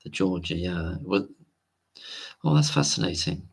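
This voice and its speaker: A man's voice: low voice, steady tone, normal speed, creaky, a bit bright. A man hosting a late-night livestream, rambling casually and reading viewer comments aloud. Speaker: livestream host.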